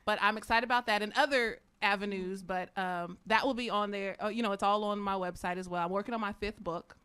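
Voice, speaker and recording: A woman speaks warmly as a radio guest about her books, often pausing on fillers. Her voice is bright and clear, with a smooth finish. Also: mid-range voice, steady tone. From United States. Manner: heartfelt, many fillers, fighting back tears. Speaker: author and guest. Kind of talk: emotional radio interview.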